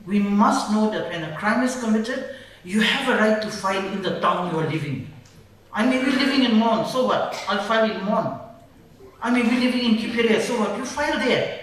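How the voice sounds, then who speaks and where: A woman from Nagaland, a human rights defender, speaks emphatically and indignantly at a public panel in a large event hall, often repeating phrases. Her mid-range voice is animated and at normal speed, and the recording is very echoey with the mic placed far away.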